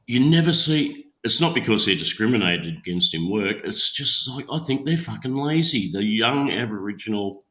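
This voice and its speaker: A man's voice: on the low side, lively intonation, normal speed, hardly any pauses, fairly bright tone, low-quality recording. A man in casual chat, explaining things in a plain, matter-of-fact way.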